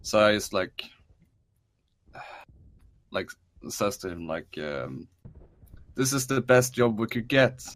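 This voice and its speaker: A man's voice: fairly low pitch, animated, takes it slowly, long pauses. A man playing a tabletop game, speaking for his character in a hesitant, casual way. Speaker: player.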